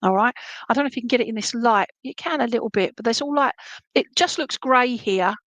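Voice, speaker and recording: A fairly high-voiced woman talks straight to one viewer in a live reading. She rambles on, calls them "my lovely" and keeps checking whether it makes sense. The sound is dry and close to the mic. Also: brisk, no room sound, rough recording. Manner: warm endearments, rambling, frequent "would that make sense?" check-ins. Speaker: psychic medium giving a live reading.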